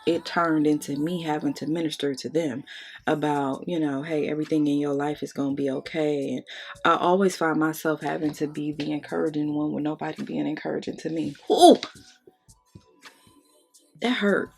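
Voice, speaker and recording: A young beauty vlogger talks candidly through a makeup tutorial, blunt and profane, venting and on the verge of tears. Her low, creaky, slightly mellow voice is fairly quick with a flat delivery. Soft music plays in the background.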